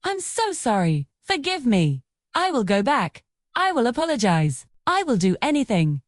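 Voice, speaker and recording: A vain, greedy young woman from a storybook folktale, voiced by a woman. Her voice sits fairly high and swings widely. The recording is dry and close. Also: very animated, moderate pace, no echo. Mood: begging. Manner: pleading, breathless begging.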